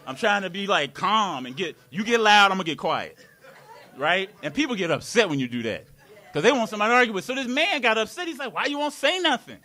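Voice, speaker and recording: A man's voice: high-pitched, sing-song, quick pace, pushed and bright. A man preaching a live sermon in a community worship hall, playful and laughing, with call-and-response.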